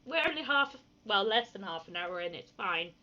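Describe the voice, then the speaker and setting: A woman's voice: medium pitch, lively intonation, moderate pace, bright, forceful tone, lo-fi sound. A woman chatting casually as a podcast co-host, hesitant and using many fillers. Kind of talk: casual chat.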